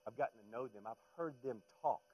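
A middle-aged man delivering a sermon in a mid-range voice. He talks conversationally, sinking to near-hushed lines and then climbing into loud, emphatic runs. He stumbles over and repeats his words as he presses his points. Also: mid-range voice, a little fast, slightly rough, dull audio. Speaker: pastor.

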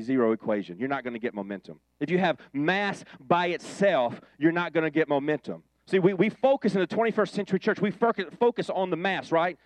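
A man's voice: on the high side, dry recording. A man preaching a casual, jokey sermon, acting out the voices of biblical figures as he goes. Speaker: pastor.

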